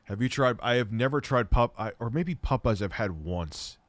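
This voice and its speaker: A man's voice: mid-range voice, animated, normal speed, no room sound. A man in his thirties hosting a livestream, answering chat questions in candid, rambling, self-deprecating stories.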